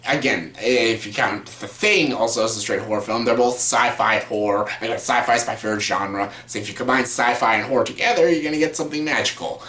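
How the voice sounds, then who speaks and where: A man's voice: mid-range voice, brisk, hardly any pauses, bright, forceful tone. A man talking casually and enthusiastically on a vlog about films he loves, rambling with many fillers and restarts. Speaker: movie reviewer. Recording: echoey room.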